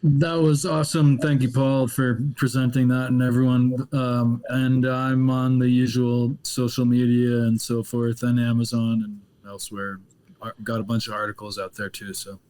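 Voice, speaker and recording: A man with a dark, mellow voice speaks on a podcast video call. His pitch barely moves as he thanks the guest and mentions his writing. He takes his time over each phrase. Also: level tone, normal speed, poor audio. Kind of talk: casual thanks and plug.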